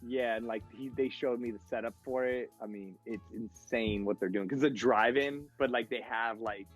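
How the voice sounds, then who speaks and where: A man's voice: medium pitch, fairly even intonation, normal speed, soft background music. A man, a guest DJ, telling stories in a rambling, casual way, filling his speech with "like". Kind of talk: casual storytelling.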